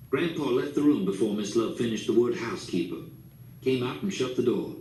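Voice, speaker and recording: A man's voice: mid-range voice, brisk, dark tone. A man reading an audiobook, telling the story plainly. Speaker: audiobook narrator. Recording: echoey room, distant mic, faint hiss.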